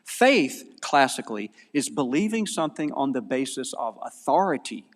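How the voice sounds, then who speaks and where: A man with a Southern American accent giving an animated, digressive conference lecture, often correcting himself mid-sentence. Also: medium pitch, normal speed. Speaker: conference speaker. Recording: long hall reverb.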